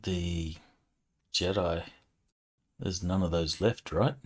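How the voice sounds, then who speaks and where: A man narrating as game master of a tabletop role-playing game, relaxed, with many fillers. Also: low-pitched, slow pace.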